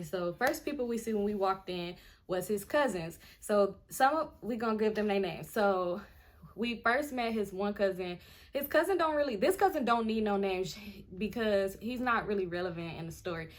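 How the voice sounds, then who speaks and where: A woman in her twenties telling a storytime in a chatty, animated way, full of "like" and acting out what people said. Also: mid-range voice. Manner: chatty, animated, heavy on filler "like", acts out others' lines. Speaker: vlogger. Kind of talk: casual storytime.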